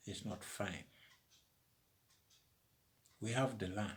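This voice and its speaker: Male commentator, deliberate slow monologue, preacher-like emphasis, lower register. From Uganda. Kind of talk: opinion monologue.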